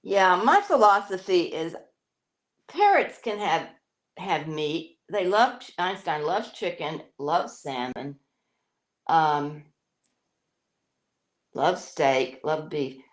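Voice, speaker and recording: Woman, low voice, rambling casual chat, roomy echo. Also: lively intonation, slow pace, pauses often. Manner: rambling, chatty, many fillers and restarts. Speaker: parrot owner and show host. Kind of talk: casual live-stream chat.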